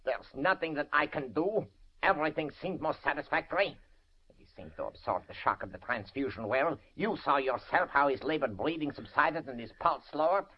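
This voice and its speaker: A haughty villain scientist, 1940s radio. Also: male voice, a little high, expressive, normal speed, husky. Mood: stubborn denial. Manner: stubborn, haughty. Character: cunning arrogant male Nazi scientist villain. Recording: muffled old radio broadcast.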